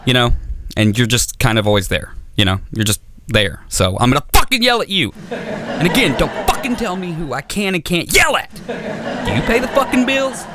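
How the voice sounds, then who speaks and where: A man's voice: lowish voice, fairly even intonation, normal speed, a bit bright, slight background noise, close to an everyday voice. A man voicing his own short-tempered father, cursing and berating his son. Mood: ranting.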